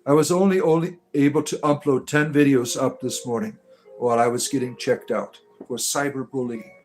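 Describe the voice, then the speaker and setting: A man's voice: medium pitch, steady tone, normal speed, a little mellow, soft background music. A man hosting a satirical livestream, reading comments aloud and answering them with sarcastic taunts and mock-grandiose proclamations. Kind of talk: mocking comedic livestream commentary.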